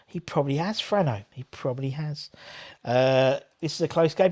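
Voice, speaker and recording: A man's voice: a little high, moderate pace, a little mellow. A man hosting a live football watchalong, chatting with viewers and commenting on play in a rambling, casual way. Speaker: watchalong host.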